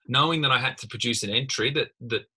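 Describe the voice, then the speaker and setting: A man's voice: medium pitch, quick pace, bright, forceful tone, husky. A man lecturing in a casual screen-recorded tutorial, thinking aloud with many fillers and restarts. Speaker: university lecturer.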